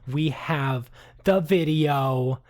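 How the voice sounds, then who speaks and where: A man doing a high, pushy male vlogger. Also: a little mellow. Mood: insistent. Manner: drawn-out, emphatic, stammering.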